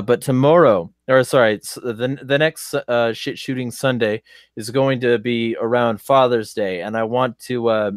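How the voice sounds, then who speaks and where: A man's voice: medium pitch, no echo, studio quality. A man hosting a casual podcast discussion, arguing bluntly with his guests. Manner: argumentative, blunt. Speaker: podcast host.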